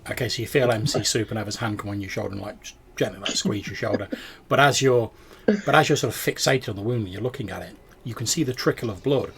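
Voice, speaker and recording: A low-pitched man with a gravelly edge to his voice runs a tabletop game as game master. He sets scenes in a descriptive, unhurried way, with faint noise in the background. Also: fairly bright tone.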